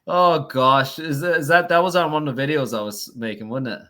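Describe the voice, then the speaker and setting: A man's voice: on the high side, fairly quick, bright, forceful tone. A man from Newfoundland with a Newfoundland accent, chatting casually as a podcast guest, telling stories with frequent laughs and loose swearing. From Newfoundland, Canada. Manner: chatty storyteller, laughs often, swears freely. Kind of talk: casual chat.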